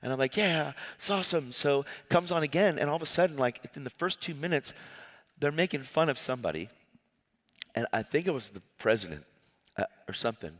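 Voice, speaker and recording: A man preaching a personal testimony sermon, telling his story in an animated, emotional way with many restarts. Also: mid-range voice, brisk. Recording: long hall reverb.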